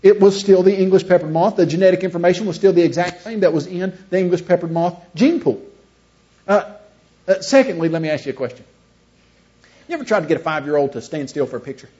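High-voiced man preaching a seminar. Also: fast, mellow. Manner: storytelling, acts out both sides of imagined dialogues; rhetorical questions to the audience. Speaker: creationist seminar speaker. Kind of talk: seminar talk to an audience. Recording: dull lo-fi recording.

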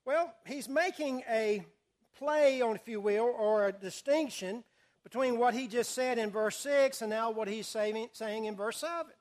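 A man's voice: very high voice, unhurried, darkish tone. A man teaching a Bible study, reading scripture aloud and quizzing his listeners with questions. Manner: asks the audience questions and reads scripture aloud. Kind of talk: sermon-style Bible study.

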